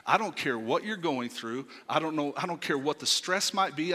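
A man preaching a sermon as pastor, emphatic, swinging from soft, low phrases to loud exclamations. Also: expressive, normal speed, hardly any pauses. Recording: long hall reverb.

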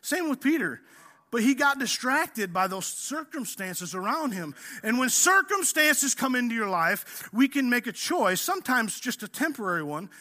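A male pastor preaching a sermon in a casual, energetic way, acting out the story as he tells it. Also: extremely high pitch, moderate pace. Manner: energetic, casual preaching, says "man" often; acts out the story.

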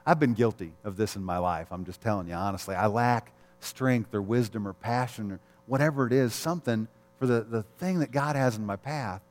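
A man's voice: on the low side, fairly quick, few pauses. A middle-aged man, a pastor, preaching a sermon in a candid, conversational way, telling personal stories and often chuckling. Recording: long reverb of a large hall.

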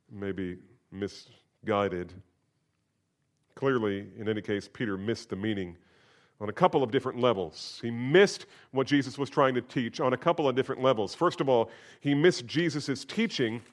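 A man preaching a sermon as pastor, emphatic, with sudden rises in pitch and volume.

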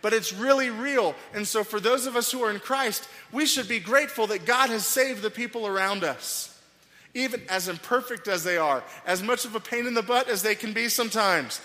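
Faint music and long reverb surround a middle-aged pastor's sermon in a church sanctuary. His voice sits high and moves at a moderate pace. He tells stories animatedly, acting out each quoted voice.

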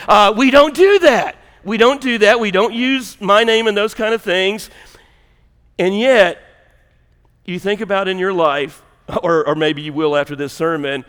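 A male pastor with a Southern US accent preaching a sermon. He talks in a folksy, joking way and works up to loud, emphatic preaching. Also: high voice, moderate pace, clean tone, long reverb tail. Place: church sanctuary.

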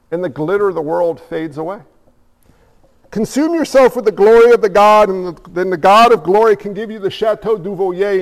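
High, gravelly-voiced preacher in a reverberant hall. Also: male voice, a little mellow. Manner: conversational preaching with rhetorical questions and repetition. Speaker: pastor. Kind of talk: sermon.

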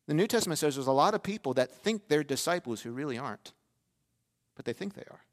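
A male pastor preaching a sermon in a church, chatty and conversational, then rising to loud, emphatic lines. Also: on the high side, expressive, moderate pace, pauses often. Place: church sanctuary.

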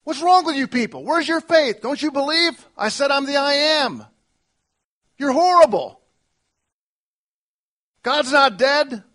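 A man voicing an impatient, scolding male God, loud and high as he berates his people. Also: lively intonation, unhurried, long pauses, heavily acted.

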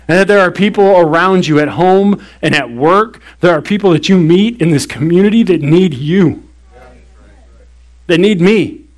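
A young adult man, a pastor, preaching an earnest sermon that builds to slow, emphatic declarations. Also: a little high.

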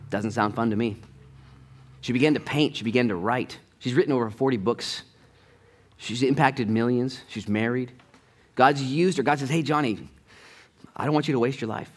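A middle-aged male pastor preaching a sermon, telling stories in a conversational way and talking straight to the congregation, with sudden jumps in pitch and loudness. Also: moderate pace, pauses often. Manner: animated storytelling with sudden rises in pitch and volume; conversational, addresses the congregation directly.

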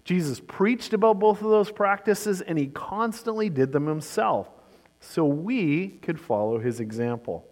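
A male pastor delivers a sermon with a somewhat high voice. He moves between brisk storytelling and slow, emphatic lines. A long reverb from a large church hall trails his words. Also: animated, a little mellow.

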